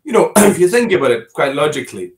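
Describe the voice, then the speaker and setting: A man's voice: on the high side, big pitch swings, fast. A middle-aged Scottish man, a politician talking as an interview guest in a discursive way, often restarting and repeating words.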